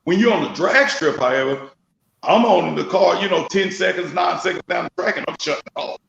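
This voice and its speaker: Gravelly high-voiced man on a call. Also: a little fast, echoey room, dull audio. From Memphis, Tennessee. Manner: animated storyteller, laughs often. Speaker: guest drag racer. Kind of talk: casual chat.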